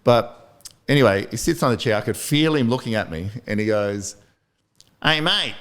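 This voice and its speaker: A man's voice: lowish voice, a little fast, smooth. A man, hosting a casual motivational podcast and telling rambling, self-deprecating stories. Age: 50s. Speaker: podcast host.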